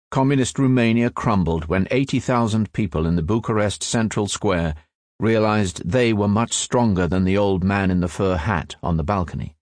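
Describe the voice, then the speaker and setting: A man reading nonfiction as an audiobook narrator, in a measured, even storytelling delivery. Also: on the low side, dry recording, clean studio sound.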